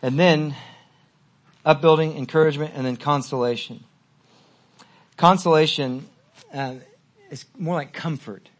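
A middle-aged man preaching a sermon as pastor, earnest and building to slow, emphatic exhortations. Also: a little high.

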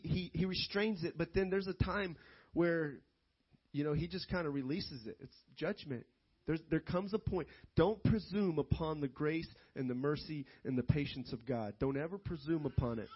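High-pitched husky-voiced male preacher. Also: normal speed, dull audio. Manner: animated preaching, rising to loud emphatic stretches. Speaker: pastor. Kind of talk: sermon.

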